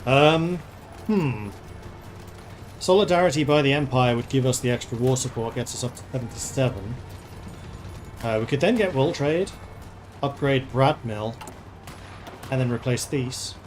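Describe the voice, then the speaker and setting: A man's voice: mid-range voice, a little slow, long pauses, a little hiss or hum. A man streaming a strategy game, thinking aloud in a chatty, playful way as he plays. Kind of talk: casual gameplay commentary.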